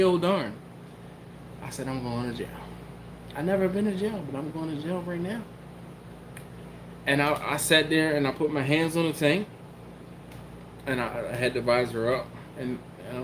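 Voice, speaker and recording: A man's voice: a little high, unhurried, pauses often, noisy background. A man from the Philadelphia area hosting a live stream, telling a story in casual talk and acting out the quotes. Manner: animated, acts out quotes and cat sounds. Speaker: YouTube host.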